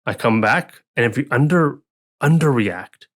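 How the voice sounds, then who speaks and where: A man with a mid-range, fairly bright voice and lively intonation takes his time as co-host and dungeon master of a casual tabletop gaming podcast. He rambles, restarts, and acts out what the townsfolk say.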